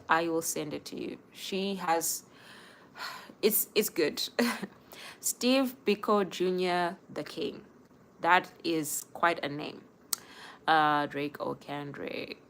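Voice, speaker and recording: Low-voiced woman giving live-stream advice. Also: takes it slowly, fairly bright tone, slight background noise. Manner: earnest, advising viewers directly. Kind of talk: casual live-stream talk.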